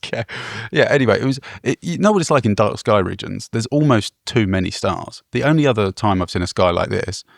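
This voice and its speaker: A man's voice: fairly low pitch, animated, brisk, gravelly, dry recording, studio quality. A man co-hosting a travel podcast, telling a rambling, self-deprecating story with small chuckles. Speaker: podcast co-host.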